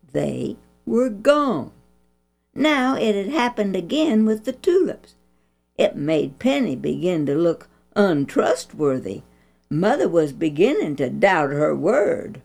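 Woman storyteller, slow and gravelly, lively pitch, soft music behind. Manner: expressive, preachy. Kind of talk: Christian children's story reading.

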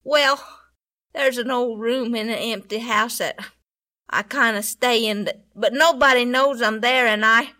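A poor, hungry little boy, acted by a woman talks in a high, bright voice. He stammers and hesitates, shy but polite. His lines sound like a child in a storybook. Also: unhurried. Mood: timid.

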